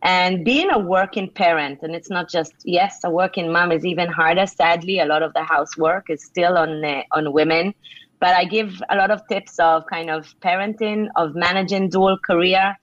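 A woman's voice: on the low side, moderate pace, fairly bright tone, no room sound. Earnest woman author giving advice. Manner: earnest, conversational, many "you know" fillers. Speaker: author and leadership speaker. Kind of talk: interview answers, motivational advice. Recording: dull lo-fi sound.

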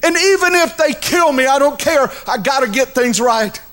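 A man voicing a remorseful biblical man who confesses his deceit, speaking slowly and earnestly. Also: very high-pitched, lively intonation, fairly bright tone, voice pushed up. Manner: slow, earnest, pleading.

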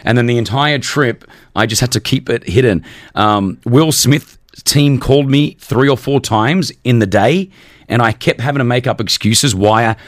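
A man in his thirties hosting a radio show, chatting eagerly and restarting his sentences as the story spills out. His voice sits at a middle pitch and comes across close and dry, with no room sound. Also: normal speed, no room sound. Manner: chatty, excited, many restarts and fillers. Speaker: radio host. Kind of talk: casual radio chat.

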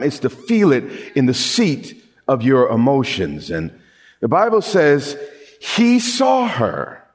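A middle-aged man delivers a sermon as a pastor, his voice leaping through a wide, animated range. He sits slightly high for a man, stumbling over restarts before building into emphatic repeated lines. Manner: lively preaching with repeated restarts and rising emphasis.

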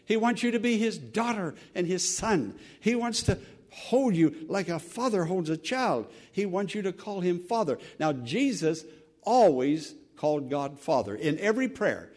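A man preaching a sermon as pastor, earnest and conversational, swinging from fervent emphasis to soft, quiet phrases. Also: high voice, very animated, normal speed. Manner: repeats words and restarts, conversational preaching.

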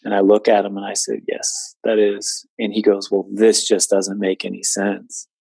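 A man's voice: on the low side, monotone, normal speed, creaky, warm tone, no room sound. A man in his late twenties earnestly recounting a personal story in conversation, with many fillers. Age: 20s. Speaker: guest telling his story.

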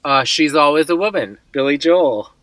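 A man with a bright, forceful voice that sits a little high for a man, joking in casual podcast banter. The sound is close and dry, with no room in it. He takes his time spelling out the rules of a game. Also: animated, moderate pace, no echo. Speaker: podcast co-host. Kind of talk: casual chat.

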